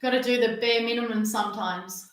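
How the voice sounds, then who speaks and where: A woman's voice: fairly high pitch, fairly even intonation, a little fast. A woman interviewing a guest, with friendly, brief replies and easy laughs. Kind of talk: casual interview chat. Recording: very echoey, distant from mic.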